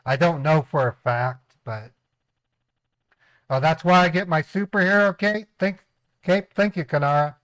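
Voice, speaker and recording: A man's voice: fairly high pitch, unhurried, pauses often, fairly bright tone, no room sound. Chatty man with a dry close sound. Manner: chatty, laughs often, slips into voices. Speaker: streamer, scam baiter. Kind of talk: casual livestream chat.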